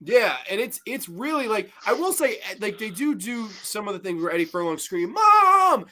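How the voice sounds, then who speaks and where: A man hosting a podcast, casually reviewing horror movies in an animated way, swearing freely and laughing as he retells scenes. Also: sits high, a little fast. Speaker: podcast host.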